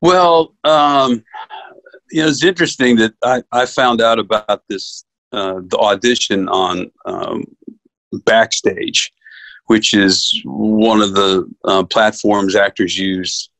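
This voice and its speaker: A man from New York, an actor, telling stories in a casual interview, acting out quotes with lively energy. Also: lowish voice, slow, no room sound. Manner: animated storyteller, acts out quotes. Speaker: actor guest.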